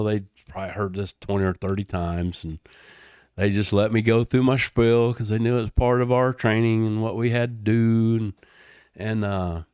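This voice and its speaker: Man, 60s, low-pitched, relaxed storyteller, dry close mic. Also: clean tone, no echo. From Texas. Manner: laid-back, laughs often, says "man" and "dude". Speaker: guest, retired helicopter pilot. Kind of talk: casual interview storytelling.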